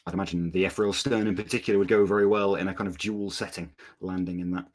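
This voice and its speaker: A man's voice: deep voice, steady tone, fast. A man hosting a live preview stream, asking fluent, well-phrased questions that lead into each topic. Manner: smooth, scripted-sounding questions. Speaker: stream host.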